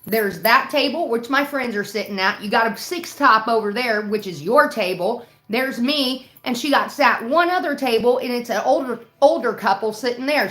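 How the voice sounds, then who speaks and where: A woman's voice: on the high side, moderate pace, few pauses, fairly bright tone. A woman livestreaming, telling a heated story in casual, profane bursts. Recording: roomy echo.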